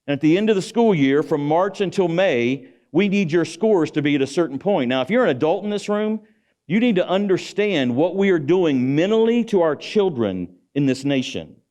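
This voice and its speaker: A man's voice: fairly high pitch, expressive, moderate pace, darkish tone. A middle-aged man giving a motivational speech in an auditorium, preaching and calling out to the audience with rhetorical questions. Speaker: guest speaker.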